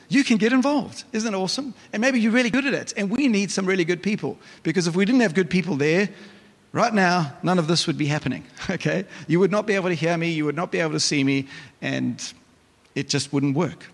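A male pastor, preaching a lively, conversational sermon with frequent restarts. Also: high-pitched, a little fast. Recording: reverberant church hall.

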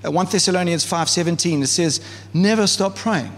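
A man preaching as a pastor, in a relaxed, conversational style full of fillers and asides. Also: sits high, brisk. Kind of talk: sermon. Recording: church hall with long reverb.

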